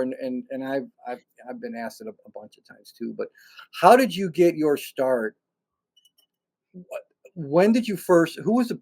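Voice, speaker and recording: Male show host, enthusiastic, restarts often, animated delivery. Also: fairly high pitch. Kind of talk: casual interview chat.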